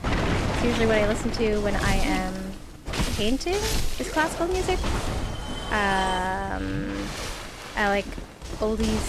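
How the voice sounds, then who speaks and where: High-voiced woman streaming games. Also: background noise. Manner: chatty, exclaims and swears at the game, greets viewers. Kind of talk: casual live gameplay chat.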